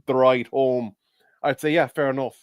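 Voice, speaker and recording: A man co-hosting a casual football fan show, measured and analytical in his points. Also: mid-range voice, steady tone, smooth, no echo. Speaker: co-host.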